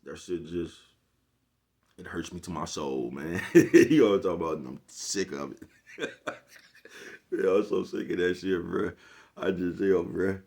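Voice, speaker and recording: A man's voice: low-pitched, fairly even intonation, takes it slowly, vocal fry, pauses often, a little mellow. A man vlogging a casual, rambling monologue, blunt and profane, forever checking "you know what I'm talking about.". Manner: blunt, profane street slang.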